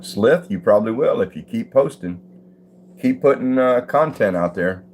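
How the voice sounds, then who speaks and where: With lively intonation at a normal speed, an older man's mid-range, darkish voice leads a casual live chat from home. He reads comments, greets viewers by name, and chuckles easily, with slight background noise.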